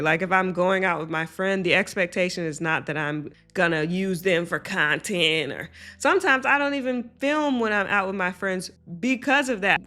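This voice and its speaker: A woman's voice: fairly low pitch, sharp tone. A young woman hosting a reaction video, giving casual, outspoken commentary and repeating herself for emphasis.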